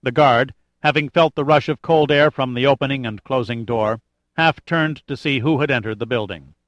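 A man reading a thriller audiobook in a measured, even narration. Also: medium pitch, no echo. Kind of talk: scripted narration.

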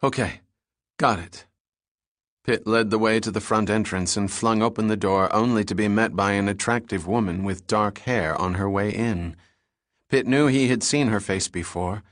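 A man reading an adventure novel aloud in a steady storytelling delivery. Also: lowish voice, moderate pace, no room sound, clean studio sound. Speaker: audiobook narrator. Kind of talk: scripted narration.

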